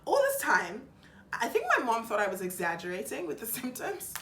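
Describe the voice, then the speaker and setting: A young woman vlogging about her own experience, chatty and a bit dramatic, acting out what people said to her. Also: fairly high pitch. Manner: chatty, dramatic, quick retellings with lively quoted voices. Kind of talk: personal storytelling vlog. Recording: roomy echo with faint background hum.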